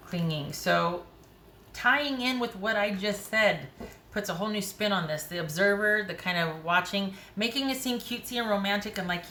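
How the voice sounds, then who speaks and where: Speaking to camera, a woman gives a frank, conversational tarot reading, talking to herself as she pulls cards. Her voice is mid-range and sharp-toned at a normal speed. The room is echoey with faint noise.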